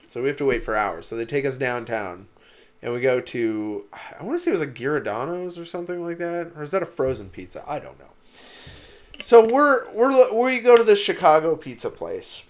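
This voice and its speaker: A young man co-hosting a podcast, telling a story in casual chat, animated and profane, acting out what people said. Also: medium pitch, brisk. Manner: animated storyteller who acts out quotes, swears freely. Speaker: podcast co-host.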